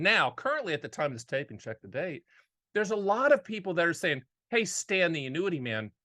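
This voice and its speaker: A man hosting a casual monologue on annuities, energetic and jokey, repeating key phrases for emphasis. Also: high-pitched. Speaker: annuity agent and show host.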